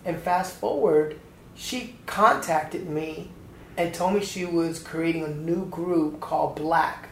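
A man in his fifties from Atlanta, Georgia, telling his story as a choreographer guest in an interview, lively and acting out the voices in his anecdotes. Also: a little high, slow. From Atlanta, Georgia, USA. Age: 50s. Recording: roomy echo with faint background noise.

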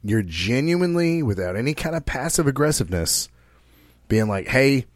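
A podcast host talks casually in a brash, profane, preachy style, frequently addressing listeners directly. His voice is mid-pitched and sing-song at normal speed, with clean studio quality and no room sound.

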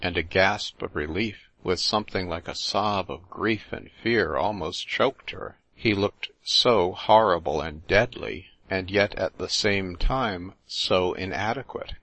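A man narrating an audiobook in a measured, deliberate reading. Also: low-pitched, pushed and bright, no room sound.

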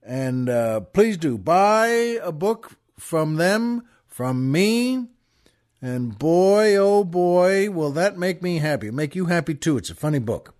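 High-pitched male podcast host, rambling, stammering joke-teller. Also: sing-song, takes it slowly, a little mellow. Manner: rambling, with frequent restarts and stammers. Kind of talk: casual chat and joke telling.

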